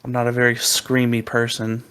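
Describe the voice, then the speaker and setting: A man's voice: mid-range voice, monotone, normal speed, pushed and bright, smooth. A young man, a podcast co-host, telling a story casually and rambling with lots of fillers.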